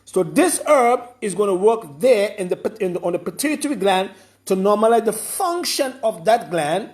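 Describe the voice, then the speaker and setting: A man giving an informal lecture, explaining slowly and repeating his points with emphasis. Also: sits high, lively intonation, a little mellow. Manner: slow, repetitive, emphatic explaining. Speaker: herbalist explaining a program.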